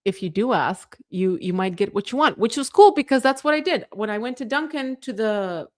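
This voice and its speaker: A woman's voice: fairly high pitch, expressive, a little fast. A woman from the Soviet Union hosting a livestream, chatting casually and reading viewer comments aloud, full of fillers and the word "like.". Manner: chatty, filler-heavy, many "like"s; earnest, rallying. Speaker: livestream host.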